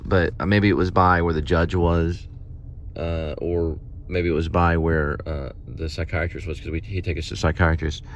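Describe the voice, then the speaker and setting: A man's voice: low voice, flat delivery, normal speed, a little hiss or hum. A man talking in a rambling, meandering way while driving around, reminiscing as he goes. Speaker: vlogger.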